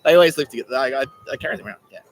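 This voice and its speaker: A man's voice: mid-range voice, very fast, vocal fry, slight background noise, low-quality recording. A man hosting his own podcast, rambling, joking, swearing and laughing often as he talks to his camera. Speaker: podcast host. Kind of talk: rambling casual monologue.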